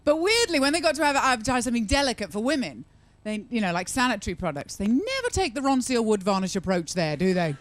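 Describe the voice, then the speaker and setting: Woman comedian, stand-up set, sarcastic crowd teasing, fairly high voice, swoops up and down. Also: very animated, fast, no room sound. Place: live comedy venue with audience.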